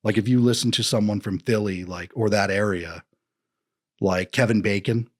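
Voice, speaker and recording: A man's voice: lowish voice, moderate pace. A man chatting as a podcast guest, joking and slipping into comic voices. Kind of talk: casual podcast chat.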